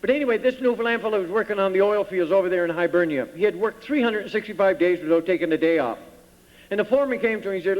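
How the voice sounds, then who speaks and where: Cape breton man, pageant emcee, folksy rapid joke telling, dull recording, long theater echo. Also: high voice. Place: large theater stage.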